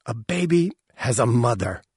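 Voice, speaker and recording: A man's voice: mid-range voice, sing-song, normal speed, a little mellow, breathy edge, dry recording, studio quality. A man reading aloud voicing a harsh, contemptuous female alien elder with a cold, commanding manner.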